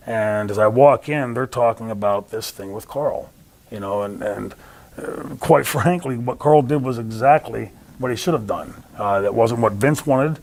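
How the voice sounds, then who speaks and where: A man telling stories in an interview, acting out the voices of the people he quotes. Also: mid-range voice. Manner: animated storyteller, acts out quoted voices. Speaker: interview guest. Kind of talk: storytelling interview.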